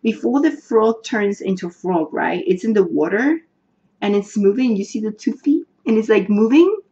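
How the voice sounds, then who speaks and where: A woman's voice: mid-range voice, lively intonation, normal speed, warm tone, highs cut off. Earnest woman. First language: Spanish. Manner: earnest, emotional, repeats herself, searches for words. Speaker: tarot reader. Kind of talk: casual tarot reading to viewers.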